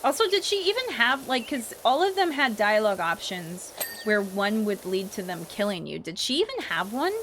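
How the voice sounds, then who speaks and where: A woman's voice: medium pitch, sing-song, moderate pace, a bit bright, slight background noise. A young woman streamer and voice actor in casual livestream chat, answering chat and acting out characters as she plays.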